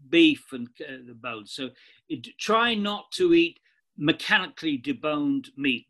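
A man with an Australian accent, a guest expert explaining points in an animated, emphatic way during a podcast interview. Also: a little high.

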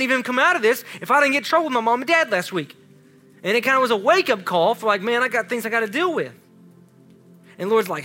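A man preaching a casual, animated sermon to a youth group. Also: very high voice, fast talker, faint music behind. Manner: casual, animated, talks to students with "y'all". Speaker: youth pastor.

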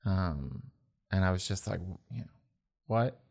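A man telling his personal faith story in an earnest, halting way, with many restarts. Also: deep voice, lively intonation, gravelly, darkish tone. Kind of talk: personal testimony in conversation. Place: indoors at a table.

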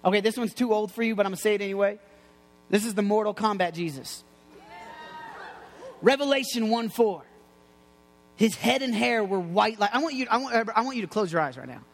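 A man preaching an excitable, joking sermon, like a youth pastor, full of playful asides. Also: high voice, brisk, long pauses, in a large hall. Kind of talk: lively sermon.

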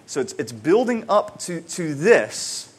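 A husky, slightly high-voiced pastor preaches a sermon in a chatty, conversational style. Repeated words mark the beginnings of his sentences, while his energy shifts from animated emphasis to quiet, deliberate reflection.

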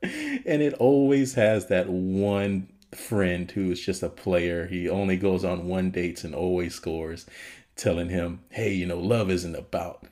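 A man's voice: sits low, expressive, a little slow, darkish tone. A man co-hosting a podcast, casually retelling a film's scenes and laughing often. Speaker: podcast co-host. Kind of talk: casual film review chat.

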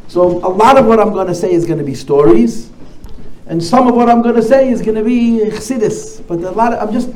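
A man giving a talk as a rabbi, telling stories in an animated way and repeating key phrases. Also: high-pitched, fairly quick. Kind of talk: storytelling talk at a gathering. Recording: echoey room, faint noise.

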